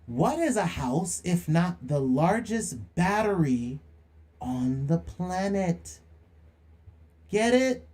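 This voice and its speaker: A man's voice: on the high side, lively intonation, slow, warm tone. A young man hosting a livestream monologue, preachy and slangy, firing rhetorical questions and calling people out. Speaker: livestream host.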